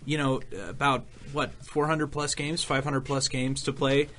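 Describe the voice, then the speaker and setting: A man's voice: mid-range voice, flat delivery, measured pace, fairly bright tone. A man on a radio show promoting a gaming convention he does PR for, talking in a rambling, joking way full of "uh"s. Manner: rambling, filler-heavy, joking. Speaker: convention PR guest. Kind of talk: casual radio chat. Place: radio studio.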